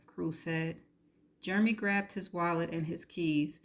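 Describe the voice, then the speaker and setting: A woman reading a novel aloud in the first person, steady and intimate. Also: fairly low pitch, a little slow. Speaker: reader.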